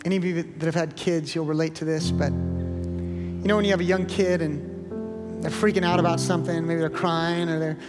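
A man's voice: fairly high pitch, little pitch movement, moderate pace. A middle-aged male pastor preaching a sermon with earnest, pleading encouragement, then leading a prayer. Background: guitar music.

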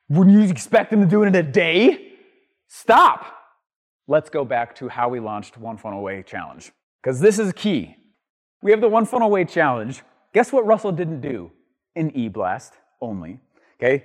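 Emphatic man teaching in a reverberant hall. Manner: emphatic, swings from loud bursts to low asides. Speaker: marketing podcast host. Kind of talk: energetic teaching monologue.

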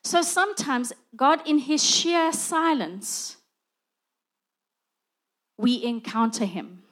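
A woman's voice: sits high, sing-song, slow pace, a bit bright. A middle-aged woman preaching a conversational sermon, acting out little dialogues as she goes.

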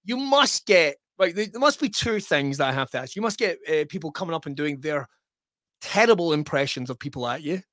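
A Scottish man hosting a podcast, excitable and quick to joke and laugh. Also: on the high side, no echo, clean studio sound. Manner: excitable, laughs easily, jokey asides. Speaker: podcast host. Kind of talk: casual podcast chat.

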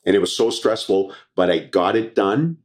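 A man's voice: sits low, expressive, moderate pace. A middle-aged Canadian man, a former TV reporter and comedian, telling stories in a casual interview and acting out quoted dialogue.

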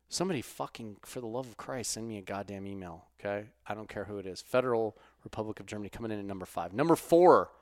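A man hosting a podcast, swearing freely as he chats. He drops to quiet mutters and then erupts into loud outbursts. The sound is dry and close, with no room around it. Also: fairly low pitch, clean tone, no echo. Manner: profane, swings from muttered asides to loud outbursts. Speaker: podcast host. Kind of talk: casual podcast chat.

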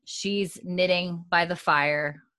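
A woman's voice: lowish voice, fairly even intonation, slow, bright, forceful tone, no echo. A woman recapping a TV episode in casual chat, retelling scenes in a chatty way full of "like" and "and then". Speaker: podcast co-host recapping a TV episode.

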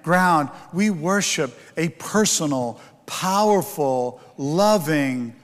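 A man's voice: fairly high pitch, animated, slow pace, a bit bright, long reverb tail. A man preaching a sermon, explaining scripture in a teaching tone with fillers and rhetorical questions. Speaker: pastor.

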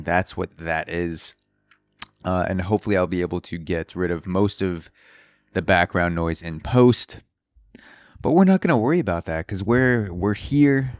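A low-voiced man hosts a solo podcast indoors in his city-building apartment, riffing casually and profanely on news stories. Construction drilling is audible outside, and the recording has no room sound.

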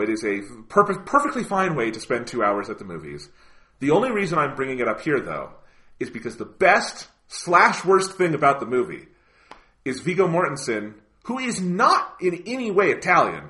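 A man co-hosting a podcast in casual chat, animated and swearing freely, with lots of "like" and "you know". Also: mid-range voice, normal speed. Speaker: podcast co-host.

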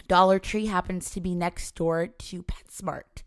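A woman in her forties tells a family story in a slightly low voice, chatty and animated. She acts out the people she quotes as she goes. The sound is close and dry, with no room echo. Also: moderate pace, clear, resonant tone. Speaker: mother telling a family story. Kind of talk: casual storytelling chat.

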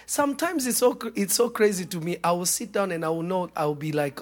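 A man preaching a sermon to a congregation, joking and laughing through his stories before rising to shouted points. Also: sits high, fast, hardly any pauses. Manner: humorous, laughing at his own stories, then building to shouts.

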